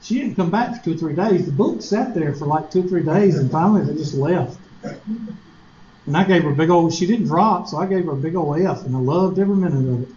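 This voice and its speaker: A man's voice: a little high, fast talker, warm tone, a little hiss or hum. A man with a Southern US accent, a teacher telling a folksy, joking story to his class. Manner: folksy, joking, mocks nasal voices. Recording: echoey lo-fi classroom recording.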